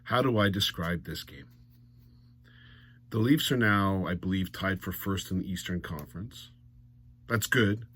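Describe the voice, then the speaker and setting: A man's voice: mid-range voice, dry recording. A man recapping a hockey game in a blunt, mocking monologue that rises to exasperated outbursts. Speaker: hockey commentator.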